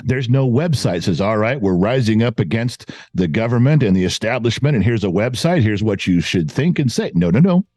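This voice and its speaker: A man's voice: fairly low pitch, lively intonation, moderate pace, few pauses, a little mellow, dry recording. A middle-aged man giving his opinions as a guest in casual chat, emphatic and prone to repeating words for stress. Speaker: guest commentator.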